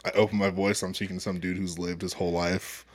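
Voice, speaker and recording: A young man co-hosting a podcast, telling anecdotes in an animated, laughing way. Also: sits low, quick pace, dry recording. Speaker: podcast co-host. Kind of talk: casual storytelling chat.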